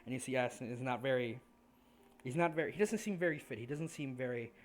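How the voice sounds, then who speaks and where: A man narrating a tabletop game as its game master, at an ordinary middle pitch. He talks casually, full of ums and quick asides. A faint hiss sits under his voice. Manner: casual, filler-heavy, laughs at his own slips.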